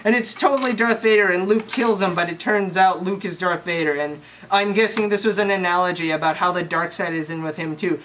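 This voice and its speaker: A young storyteller rambles through a crude, slangy movie recap, scattering "like" everywhere. The voice sits at an ordinary middle pitch. Steady hiss runs under the home recording. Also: brisk, few pauses. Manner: slangy, profane, rambling with lots of "like". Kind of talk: casual comic movie recap.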